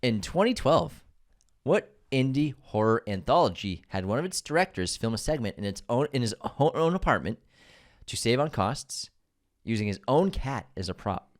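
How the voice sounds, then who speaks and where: Lively-voiced man co-hosting a podcast. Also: medium pitch, normal speed. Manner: animated, joking banter, reads listener reviews aloud. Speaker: podcast co-host. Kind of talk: casual chat.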